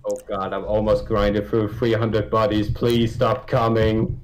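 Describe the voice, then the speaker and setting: A man co-hosts a comedy podcast, tossing in quick, dry heckles. His delivery is casual and offhand. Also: fairly low pitch, flat delivery. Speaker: podcast co-host. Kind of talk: casual banter.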